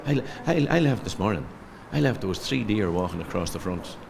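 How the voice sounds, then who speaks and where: This is a brisk, expressive, somewhat low and creaky male voice over a noisy background. He's a middle-aged comedian from Donegal, Ireland, chatting casually in an interview, telling stories and tripping over repeated words.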